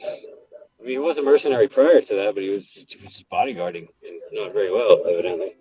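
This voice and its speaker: A man co-hosting a casual review podcast, making dry, joking asides that trail off softly. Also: fairly low pitch, quick pace, soft background music. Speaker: podcast co-host. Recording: dull lo-fi mic.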